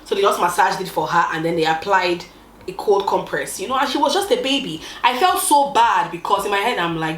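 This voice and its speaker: A young woman telling a storytime with expressive, dramatic emphasis, drawing out key words. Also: mid-range voice, fairly quick, roomy sound, slight background noise, poor audio. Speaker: vlogger. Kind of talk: casual storytime.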